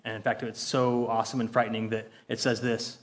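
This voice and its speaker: A man's voice: on the low side, little pitch movement, fairly quick. A man in his fifties leading a casual Bible study. He talks earnestly and from the heart, with plenty of fillers and restarts. He reads scripture aloud and puts questions to the group.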